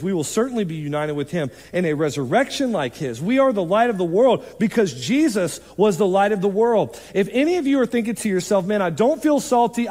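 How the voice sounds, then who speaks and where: Guy preaching a sermon, kinda high voice, casual lively delivery, long echo like a church hall. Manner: conversational preaching, animated, quick asides. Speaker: pastor.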